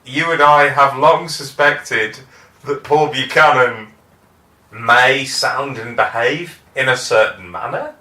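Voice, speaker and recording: Male podcast co-host, wry dry humour, bright voice, roomy echo. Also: mid-range voice, slow pace. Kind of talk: casual music chat. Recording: echoey room, distant mic.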